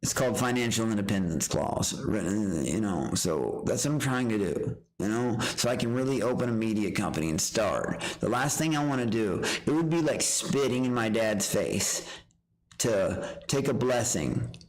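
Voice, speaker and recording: A man livestreams a rambling, boastful rant full of profane trash talk, often restarting his sentences. His fairly low voice is very animated at a moderate pace, and the recording is rough.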